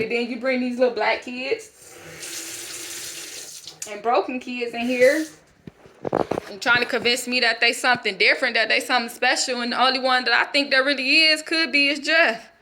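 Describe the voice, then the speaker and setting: A woman's voice: on the high side, bright, forceful tone. A woman speaking as a bitter, racist stepfather who drives a truck, ranting in profane street talk. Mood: contemptuous. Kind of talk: channeled monologue in character.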